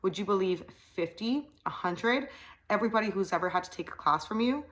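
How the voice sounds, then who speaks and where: A woman's voice: animated, brisk, fairly bright tone, close to an everyday voice. A woman voicing a cocky teenage boy who leads the group, in an audiobook reading. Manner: low, cocky.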